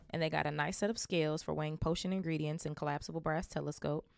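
A woman with a low, gravelly voice reads a novel aloud for her book club podcast. She breaks off into chatty asides and stumbles over hard names before correcting herself. Her voice sounds dry and close to the mic. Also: fairly even intonation, fast, hardly any pauses, dry recording.

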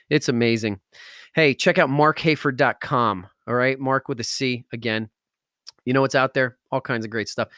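A man hosting a podcast in an energetic, slangy motivational talk style, hyped and enthusiastic. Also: mid-range voice, no echo, clean studio sound. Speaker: podcast host.

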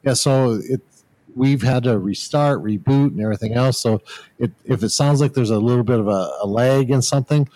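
A man's voice: medium pitch, brisk, mellow, dry recording, rough recording. A man co-hosting a casual spiritual chat over a remote call, speaking in an earnest, reflective way. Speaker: co-host.

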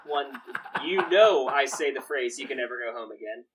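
On a low-quality recording, a young male podcast co-host talks about a favorite movie in a medium, fairly bright voice that is expressive and moves at normal speed. His casual film chat wanders, with frequent restarts and quoted asides.

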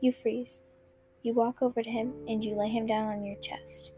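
Halting woman reading her own story. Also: a little high, flat delivery, music in the background. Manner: halting, stuttering, many fillers. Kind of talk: reading her own fan fiction aloud.

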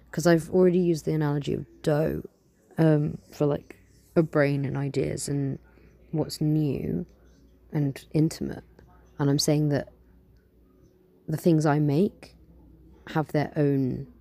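A woman's voice: deep voice, vocal fry, mellow. A young woman hosting her show, chatting casually and reading her own poems aloud in a rambling, playful way. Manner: rambling, filler-heavy, playful. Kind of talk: casual chat and poetry reading.

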